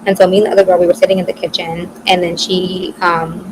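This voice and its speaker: A woman's voice: on the low side, level tone, fast. A woman in her twenties telling a personal story on a casual podcast chat, talking loosely with lots of "like" and the odd swear word. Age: 20s. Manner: chatty, peppered with "like", swears freely. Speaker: podcast co-host. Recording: noisy background hiss.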